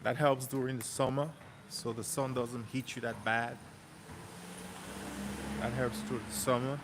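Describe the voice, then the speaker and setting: A man talks casually while he walks a city street, easygoing and slangy, often circling back over his own words. His pitch sits in an ordinary middle range. Steady traffic and street noise run clearly behind him. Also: a little slow. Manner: relaxed, chatty, slangy, repeats himself. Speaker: vlogger walking a city neighborhood. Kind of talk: casual storytelling walk-and-talk. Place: outdoors on a city street, walking.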